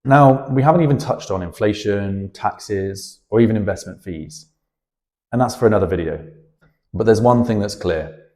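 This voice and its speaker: A man's voice: fairly low pitch, moderate pace, darkish tone. A British man, a personal finance educator, explaining money over on-screen charts and walking through the figures step by step.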